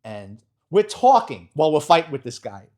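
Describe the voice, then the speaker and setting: A man's voice: a little high, normal speed. A middle-aged man, a retired police detective telling a blunt, profane war story as a podcast guest. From New York. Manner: animated, blunt, profane storyteller who acts out dialogue.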